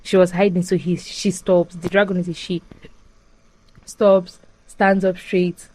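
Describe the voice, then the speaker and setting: A young woman casually retelling a film plot as a podcast host, animated and full of fillers. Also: lowish voice, measured pace, low-quality recording. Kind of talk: casual chat.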